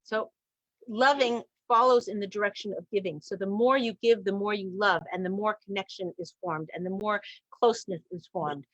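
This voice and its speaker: A woman hosting a relationship advice talk show, talking at length in an animated way and acting out quoted voices. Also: mid-range voice, moderate pace, dry recording. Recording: slightly dull, dry sound.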